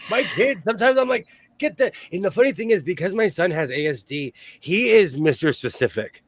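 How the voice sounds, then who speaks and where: A man's voice: high-pitched, normal speed. A man hosting a sewing show, rambling through stories and laughing often in casual chat. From New York State. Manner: rambling, animated storyteller who laughs often.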